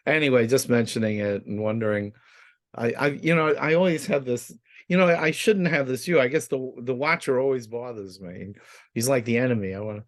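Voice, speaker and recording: A man's voice: mid-range voice, dry recording. Unsure guy stumbling through a question on a video call, dry sound, mid voice. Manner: hesitant, self-conscious, laughing. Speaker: course participant. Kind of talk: casual group discussion.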